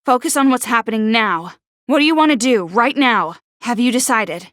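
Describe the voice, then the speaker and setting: A woman voicing a prickly, sharp-tongued teenage girl in a video game, who stutters when flustered. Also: a little high, expressive, normal speed, no echo, clean studio sound. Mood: firm, teasing. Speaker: game character.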